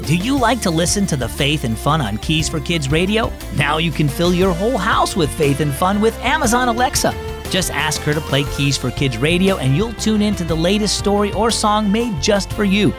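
A man's voice: sits high, lively intonation, moderate pace, over music. A man hosting and narrating a children's devotional program with scripted storytelling in an upbeat, emphatic way. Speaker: host.

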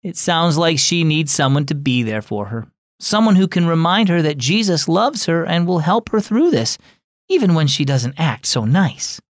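A man voicing a gentle, caring mother in a children's devotional story, soft and soothing. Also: fairly high pitch, lively intonation, moderate pace, no room sound, studio quality, close to an everyday voice. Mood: comforting.

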